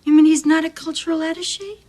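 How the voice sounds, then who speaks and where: A flustered society wife. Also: female voice, extremely high pitch, steady tone, fast talker, darkish tone. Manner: hesitant, fumbling for words. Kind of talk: 1990s film comedy acting.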